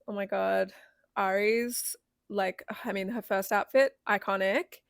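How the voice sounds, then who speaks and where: A woman's voice: medium pitch, fairly even intonation, a little slow, gravelly, no room sound, studio quality. A woman hosting a reaction video, gushing giddily with frequent squeals and laughs.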